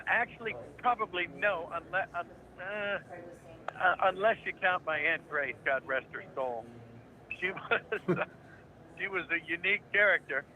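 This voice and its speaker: A man's voice: on the high side, narrow, tinny audio. A man in his seventies from Ohio, a voice actor telling jokey anecdotes as a guest in a casual interview. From Ohio, United States. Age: 70s. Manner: jokey, anecdotal, animated raconteur.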